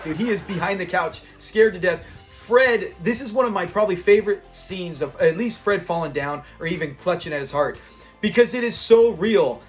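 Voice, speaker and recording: A man hosting a casual episode review, retelling scenes in an animated way and laughing often. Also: high voice. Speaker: host of a show review channel.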